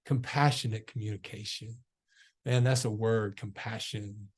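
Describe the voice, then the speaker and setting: A man's voice: lowish voice, steady tone, measured pace. A man giving a motivational training talk over a video call, telling stories and asking many rhetorical questions. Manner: conversational storytelling, many rhetorical questions, says "man" often.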